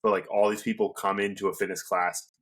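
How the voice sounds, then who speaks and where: A man hosting a podcast, chatting casually and affirming his guest with drawn-out remarks. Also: deep voice, level tone, fairly bright tone. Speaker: podcast host.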